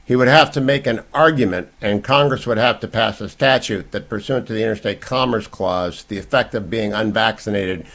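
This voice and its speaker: Gravelly, low-pitched talk radio host. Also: male voice, fairly quick, hardly any pauses. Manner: emphatic, swinging from loud bursts to low asides. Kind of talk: opinionated talk radio monologue.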